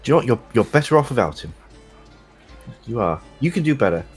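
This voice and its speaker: Husky man, lively deadpan player. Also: medium pitch, quick pace, soft background music. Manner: deadpan, mock-serious. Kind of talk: casual tabletop play.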